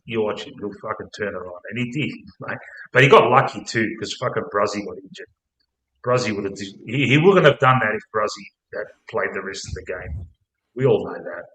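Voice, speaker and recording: An Australian man hosting a casual football podcast, blunt, sweary and excitable. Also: on the low side, fairly quick. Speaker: podcast host. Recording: roomy echo.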